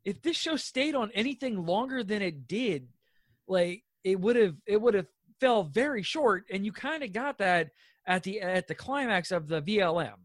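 Chatty woman on a podcast, rambly and giggly, mid pitch, dry close sound. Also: animated, normal speed, dry recording. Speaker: podcast co-host. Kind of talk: casual chat reviewing a TV episode.

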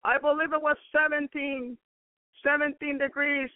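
A woman's voice: sits high, little pitch movement, normal speed, no echo. A woman preacher giving a fervent spoken testimony, repeatedly breaking into praise. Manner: fervent, peppered with praise exclamations. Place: home in Chicago. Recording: dry, phone-like narrow sound.

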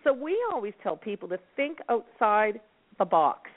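Woman, calm and patient, explaining advice, phone-line sound, mid pitch. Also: moderate pace, crowd noise. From Nova Scotia, Canada. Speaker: dog rescue network founder. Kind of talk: guest explaining on a radio talk show.

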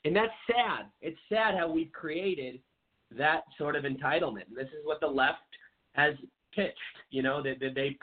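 A man's voice: on the high side, normal speed. A male talk show host who speaks in a blunt, indignant way. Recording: tinny phone line.

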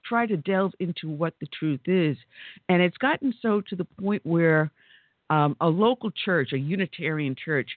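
A woman's voice: lowish voice, no echo. Casual: woman radio host chatting away, telling stories, dry close sound, lo-fi like a phone. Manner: chatty, storytelling, exclaiming. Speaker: radio talk show host. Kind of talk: conservative talk radio chat. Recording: tinny phone-like line.

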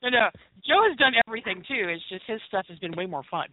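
A woman's voice: mid-range voice, lively intonation, fast, dry recording. A woman hosting a casual talk show, bubbly and flirty, laughing often. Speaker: podcast host. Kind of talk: casual chat. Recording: dry phone-line sound.

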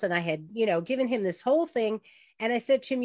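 A woman's voice: on the high side, fast talker, dry recording, studio quality. A woman radio host in a casual interview, chatty and sharing family stories. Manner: chatty, shares stories about her sons.

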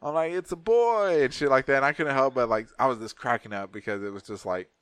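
Quick and medium-pitched, a man on a podcast rattles through a crude, chatty story, impersonating the people he describes. He's animated, and there's no echo in the recording.

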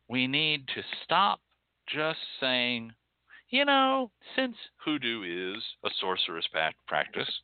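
A man's voice: on the high side, no room sound. A man hosting a show, delivering a blunt, profane, ranting monologue. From Texas. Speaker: podcast host. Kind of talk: impassioned monologue. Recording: dry, tinny phone-like sound.

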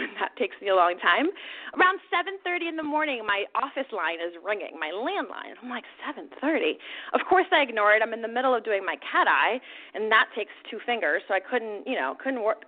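Animated woman telling a story, tinny sound. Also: a little high. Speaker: podcast co-host. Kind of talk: casual chat, storytelling.

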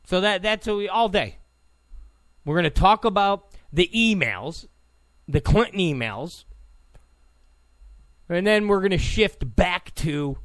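Sarcastic stammering man, high animated voice. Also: slow pace, pauses often, no room sound. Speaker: political talk show host. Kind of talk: opinionated monologue.

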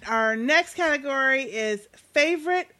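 A woman podcast host chatting casually with a high, bright voice. She speaks slowly and playfully, stretching out her announcements. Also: expressive. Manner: playful, drawn-out drumroll announcements. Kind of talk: casual chat.

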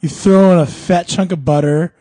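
Dry deadpan guy co-hosting, kinda mellow voice, slightly high, no room sound. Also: moderate pace, no room sound, poor audio. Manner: deadpan teasing quips. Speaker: podcast co-host. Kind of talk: casual chat.

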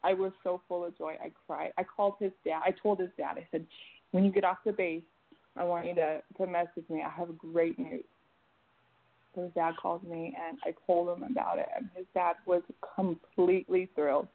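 A woman gives an earnest, emotional testimony on a prayer line, her voice sitting a little low. She talks with halting restarts. The sound is thin and tinny, like a phone call. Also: little pitch movement, creaky. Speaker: caller giving testimony.

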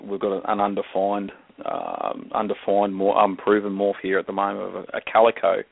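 Gravelly Australian man on a call. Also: lowish voice, lively intonation, no echo. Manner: laid-back, jokey, chuckling, drawn-out um pauses. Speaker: guest reptile expert. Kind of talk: casual podcast chat. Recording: phone-like call line, dry.

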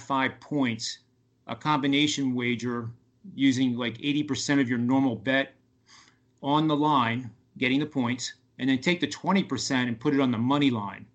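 A man talking as a guest sports betting analyst on a radio podcast, with lots of fillers and restarts. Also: mid-range voice. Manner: halting, many fillers and restarts. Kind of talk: casual radio talk.

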